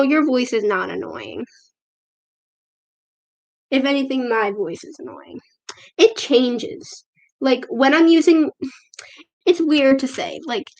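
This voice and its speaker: A slightly high female voice in loose, unscripted chat, reading out viewer comments and running herself down. She fills her talk with "like" and "I don't know". The sound comes from a tablet's built-in microphone at home. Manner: chatty and self-deprecating, with frequent fillers. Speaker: livestream host. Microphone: tablet camera microphone.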